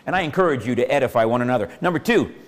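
A man's voice: medium pitch, lively intonation, very fast. A man preaching a sermon as pastor in a church, folksy and repetitive, asking the congregation questions. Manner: folksy, asks the congregation questions, repeats phrases. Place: church sanctuary. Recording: long hall reverb.

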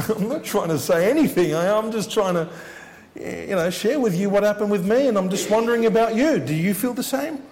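A man's voice: high-pitched, expressive, normal speed, a little mellow, big-room sound. A man preaching a sermon as he shares his testimony, earnest and repeating his words for emphasis.

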